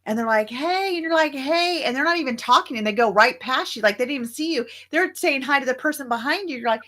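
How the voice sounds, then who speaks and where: A middle-aged woman talks earnestly as a co-host. She muses on her feelings in a reflective way and slips into quick acted-out bits of everyday scenes. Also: high-pitched, bright, forceful tone. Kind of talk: casual chat.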